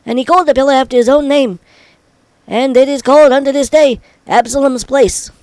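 A man reading an old-style scripture passage aloud in a solemn, measured way. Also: very high-pitched, fairly even intonation, darkish tone, no echo, rough recording. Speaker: scripture reader.

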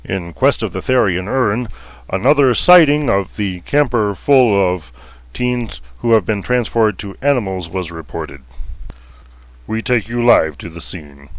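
Man anchoring a mock news show, low voice, deadpan formal reads, dry close recording. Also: measured pace, dry recording. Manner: mock-formal with muttered asides. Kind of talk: parody newscast.

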